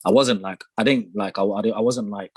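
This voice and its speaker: A man's voice: fairly low pitch, fairly even intonation, moderate pace, husky, no room sound. A young man from North London with a London accent, chatting easily as a podcast guest, full of fillers and restarts. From North London, England. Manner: laid-back, lots of fillers and repeated starts, laughs often. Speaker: podcast guest, songwriter and producer. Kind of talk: casual conversation.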